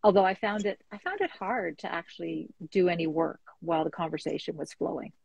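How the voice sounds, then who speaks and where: A woman's voice: fairly low pitch, fairly quick, gravelly, a little mellow, breathy edge, no room sound, lo-fi sound. A woman co-hosting a live art chat, friendly and informative as she gives announcements over a video call. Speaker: co-host. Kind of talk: casual chat.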